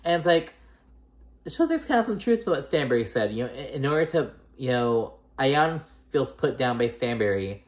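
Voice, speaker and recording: Man, casual reality TV recap, chatty, filler-heavy, mid pitch. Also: very animated, normal speed. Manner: chatty, filler-heavy retelling, full of 'like' and 'girl'.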